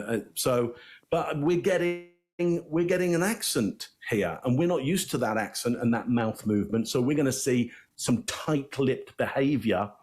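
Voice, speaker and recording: A man talks through his read of body language in a measured, deliberate way, leaning on fillers as he thinks. His voice sits in an ordinary middle pitch. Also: darkish tone. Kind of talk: casual panel analysis.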